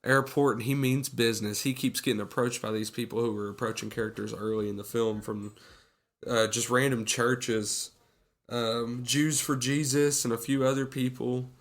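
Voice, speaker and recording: A man's voice: medium pitch, fairly even intonation, moderate pace. A man co-hosting a podcast, casually retelling movie scenes and acting out the quotes. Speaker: podcast co-host. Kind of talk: casual movie recap chat.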